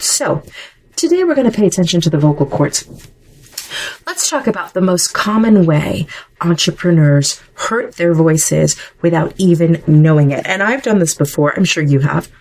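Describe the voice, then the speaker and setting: A middle-aged woman with a notably low voice hosts a solo podcast episode. She talks casually and conversationally, and often drifts off on side remarks before returning to her point. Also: a little mellow, slight background noise, rough recording. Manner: conversational, chatty with digressions. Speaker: podcast host.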